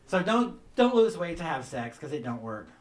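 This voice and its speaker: A man doing a stand-up comedy set, telling campy stories about his mother and mimicking her in a shrill voice, with audience laughter behind him. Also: very animated, normal speed, a little hiss or hum. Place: comedy club stage. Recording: roomy club sound from some distance.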